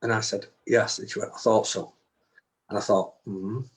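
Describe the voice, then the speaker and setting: A man's voice: on the low side, level tone, normal speed, breathy edge. A man, a guest telling a story and acting out the dialogue, with frequent restarts. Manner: recounts events with repeated restarts and acted-out quotes. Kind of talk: storytelling in conversation.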